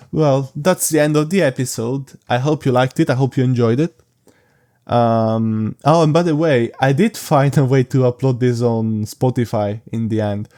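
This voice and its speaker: A young man with a mellow, unforced voice hosts his podcast solo. He sounds sleepy and drifts from point to point, stumbling over restarts. He stays frank and casual throughout. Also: mid-range voice. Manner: rambling, halting, frank. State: sleepy, yawning. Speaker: podcast host.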